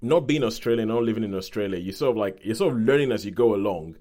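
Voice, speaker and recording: Fast-talking and mellow, this man has a lowish voice with lively intonation. Hosting a podcast, he rambles through a casual review, revising his statements mid-stream and mimicking quoted speakers.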